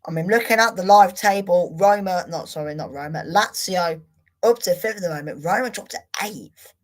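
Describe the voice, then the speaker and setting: Young woman, slightly low pitch, football watchalong host, annoyed, sweary, chatty. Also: a little fast. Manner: frustrated, swears, chatty with viewers. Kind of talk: live football watchalong commentary.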